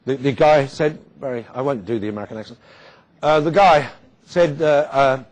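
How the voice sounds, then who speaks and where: A man giving a storytelling speech with wry humour and dramatic pauses. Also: medium pitch, a little mellow. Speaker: guest speaker.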